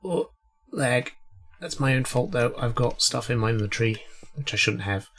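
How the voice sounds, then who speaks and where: A man's voice: mid-range voice, expressive, normal speed, fairly bright tone, soft background music. A man with a cold, chatting casually and rambling through his gameplay commentary as host. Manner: rambling, chatty, self-deprecating. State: sick with a cold. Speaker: let's play host.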